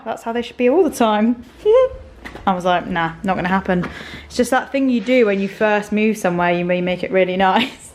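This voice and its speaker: A young woman in her twenties vlogging from her bedroom. Her voice sits at an everyday middle pitch, and she talks in a loose, rambling way, breaking into soft little laughs. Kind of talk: casual chat to camera. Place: bedroom of a small flat.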